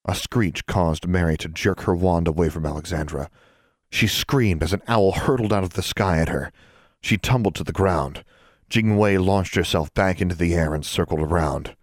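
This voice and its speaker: A man reading a novel aloud as an audiobook narrator, in a measured, steady manner. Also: sits low, no room sound, clean studio sound. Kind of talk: scripted narration.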